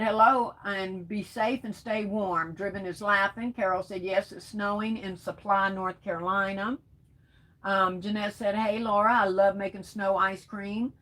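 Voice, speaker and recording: Her voice is medium-pitched and a bit bright, though the audio is poor. Hosting a relaxed live stream, she reads viewer comments aloud one at a time and answers with easy pet names like sweetheart, her talk loose and full of casual fillers.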